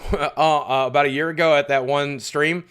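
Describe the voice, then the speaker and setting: High-voiced man ranting to his stream. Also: fairly even intonation, normal speed, fairly bright tone, clean tone. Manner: rambling, profane, repeats phrases. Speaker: livestreamer. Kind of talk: casual rant to live chat.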